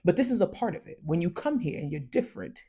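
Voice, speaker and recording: A woman from the United States with West Indian parents, giving casual psychology commentary in a conversational, emphatic way and slowing down to stress key phrases. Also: lowish voice, very animated, dark tone, breathy edge. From United States, raised by West Indian parents. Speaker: commentary vlogger.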